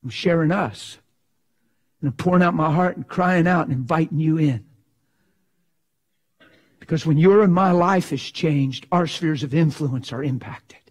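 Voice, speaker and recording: A man preaching with fiery passion, his voice sitting high for a man. He talks with lively animation, slipping into mock voices to make a point. He sounds middle-aged. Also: a little slow, pauses often. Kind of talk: sermon.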